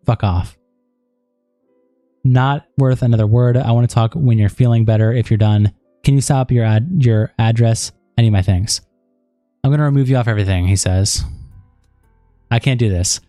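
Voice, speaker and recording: Male streamer, dark mellow voice, dry close sound, reads logs aloud and drifts into loose asides over faint music. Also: mid-range voice, no room sound. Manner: steady reading with rambling casual asides and fillers. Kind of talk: reading chat logs aloud on a live stream.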